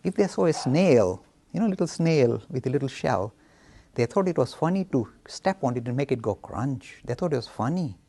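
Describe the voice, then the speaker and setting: A man giving a storytelling lecture on Hinduism with an animated delivery, acting out voices as he speaks. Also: medium pitch, moderate pace, vocal fry, slightly rough. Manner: animated, acts out voices, chuckles.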